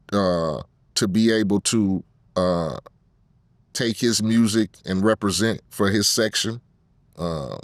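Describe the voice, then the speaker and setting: Low-voiced unhurried man, many ums. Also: no echo. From Compton, California. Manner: unhurried, fills pauses with drawn-out ums. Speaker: guest rapper. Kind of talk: casual interview.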